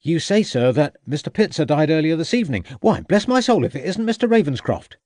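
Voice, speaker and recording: Eager, polite Victorian constable; man reading, pitch raised. Dry audiobook sound. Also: very animated, fairly quick, darkish tone, no echo. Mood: deferential.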